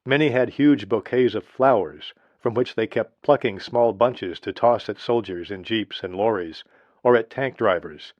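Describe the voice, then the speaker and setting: A man narrating a history audiobook in a steady, measured reading. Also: on the low side, dry recording. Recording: dry, slightly dull lo-fi recording.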